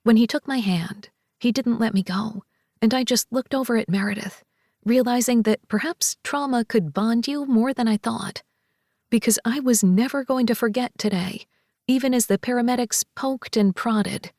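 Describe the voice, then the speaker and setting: Bright-voiced female audiobook narrator. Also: a little high, normal speed, no echo, studio quality. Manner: expressive, voices characters. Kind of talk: first-person scripted narration.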